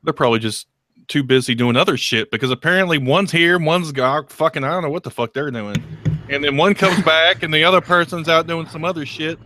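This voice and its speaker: A man's voice: on the high side, brisk, bright, forceful tone. A man co-hosting a podcast in casual chat, blunt and teasing, swearing freely. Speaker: podcast co-host.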